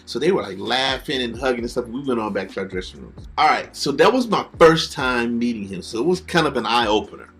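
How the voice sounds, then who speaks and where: A man's voice: mid-range voice, a little fast, hardly any pauses, soft background music. A middle-aged man, a backup vocalist, telling stories casually and animatedly, acting out the people he quotes. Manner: animated, acts out quoted voices. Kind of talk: casual storytelling.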